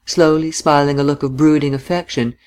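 A man reading a literary novel aloud in measured, scripted narration. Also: a little high, steady tone, a little mellow, clear, resonant tone. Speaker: audiobook reader.

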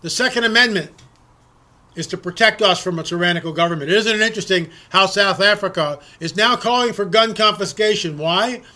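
This middle-aged host talks a little fast in a high, pushed, bright voice, giving an opinionated political monologue. He's emphatic and repeats words as he drives each point.

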